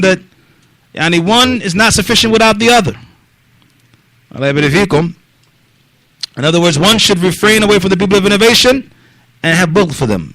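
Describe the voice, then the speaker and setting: Brisk, rapid-speaking mosque teacher man. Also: fairly high pitch, fairly bright tone, no echo. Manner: mixes Arabic phrases into English, frequent fillers like yani; questions listeners directly, brisk and probing. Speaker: religious teacher. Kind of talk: mosque lesson with questions from attendees.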